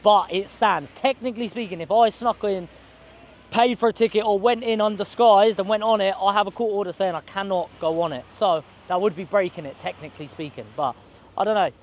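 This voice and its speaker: A man's voice: high-pitched, a little fast. A man, telling a rambling, slangy story to camera outdoors on a city street. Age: 20s. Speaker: vlogger.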